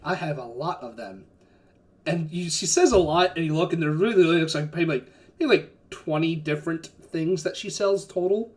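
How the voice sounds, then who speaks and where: A man's voice: fairly high pitch, fairly quick. A man running a tabletop game as game master, narrating casually with lots of fillers and swearing. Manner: rambling, filler-heavy, casual cursing.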